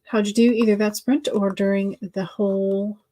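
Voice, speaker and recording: A woman's voice: medium pitch, little pitch movement, moderate pace, warm tone. A woman hosting a writing-sprint livestream, chatting casually and answering viewer comments with many fillers and restarts.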